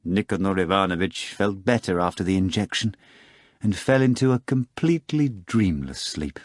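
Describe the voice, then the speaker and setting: Man, audiobook narrator, low voice, dry close sound, measured reading. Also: animated, no room sound. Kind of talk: scripted narration.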